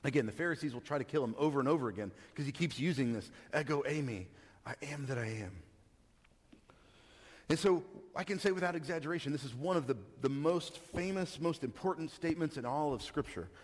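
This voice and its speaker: A Texan man with a voice on the high side preaches quickly in a reverberant hall. His sermon is a casual, conversational teaching style, full of questions put to the congregation and frequent restarts.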